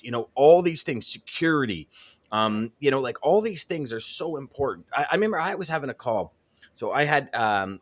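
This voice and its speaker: Man co-host on a live stream, mid-pitched, emphatic and animated storyteller, casual chat. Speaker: co-host of a live sales show.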